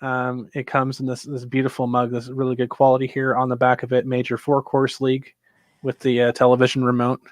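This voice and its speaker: A man co-hosting a casual chat show, giving a laid-back, upbeat pitch for the show's merchandise. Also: monotone, brisk, no room sound. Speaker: podcast co-host.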